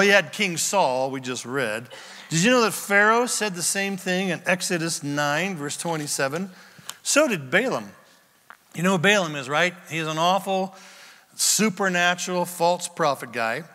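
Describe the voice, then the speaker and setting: A man preaching a sermon as pastor, retelling scripture scenes with lively acted-out voices. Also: on the high side, in a large hall.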